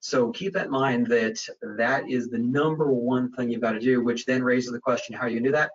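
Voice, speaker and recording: A man's voice: mid-range voice, fairly even intonation, normal speed. Man hosting a webinar, muffled and distant. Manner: conversational, many fillers and restarts. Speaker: webinar presenter on data privacy. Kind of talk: webinar Q&A talk.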